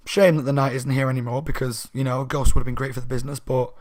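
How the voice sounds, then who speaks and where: A man's voice: medium pitch, level tone, quick pace, a little mellow, natural voice. A man voicing a relieved, easygoing father in his own voice, casual and slangy.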